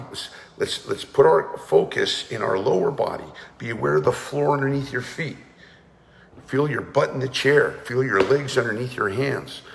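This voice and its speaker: A man's voice: mid-range voice, vocal fry, in a large hall. A man leading a guided energy and breathing class, talking firmly and urging listeners to join in. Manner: commanding, urges listeners to participate. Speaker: energy awareness coach.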